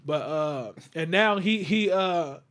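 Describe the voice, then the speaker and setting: A man's voice: a little high, slow pace, fairly bright tone. A man hosting a casual podcast, chatting loosely and telling stories with acted-out quotes. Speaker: podcast host. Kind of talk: casual chat.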